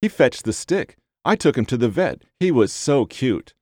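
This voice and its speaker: A man's voice: medium pitch, sing-song, moderate pace, no room sound, studio quality, pitched above the performer's own voice. A man doing a doting young dog lover. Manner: gentle, coaxing.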